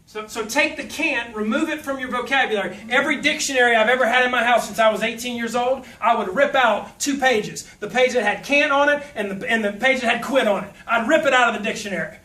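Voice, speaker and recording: With an extremely high, bright, forceful voice, this South Louisiana motivational speaker races along with hardly a pause. He tells folksy, funny stories and does voices when quoting, recorded from a distance in an echoey hall.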